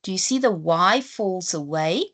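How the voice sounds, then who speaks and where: A woman's voice: on the low side, animated, a little slow, fairly bright tone. A woman teacher with a South African accent giving a patient spelling lesson, spelling out letters one by one. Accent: South African English. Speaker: English teacher. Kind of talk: slow, deliberate classroom lesson.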